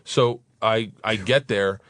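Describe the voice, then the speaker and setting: A man's voice: fairly low pitch, takes it slowly, no room sound. A man in his thirties telling a wild story on a radio talk show, swearing freely and acting out the voices of the people in it. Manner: animated, swearing, acts out voices in his stories. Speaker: guest storyteller.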